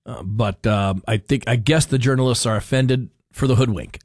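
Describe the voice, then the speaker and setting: A man's voice: medium pitch, moderate pace, darkish tone, dry recording. A man hosting a talk radio show, rambling wryly through the news with frequent chuckles, into a studio microphone. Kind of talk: casual talk radio commentary.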